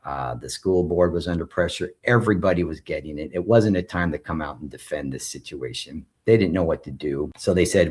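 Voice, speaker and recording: Man, forties, former principal, personal storytelling, low pitch, breathy husky tone. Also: brisk, hardly any pauses, darkish tone. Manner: recounts events while acting out quoted dialogue. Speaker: former school principal telling his story.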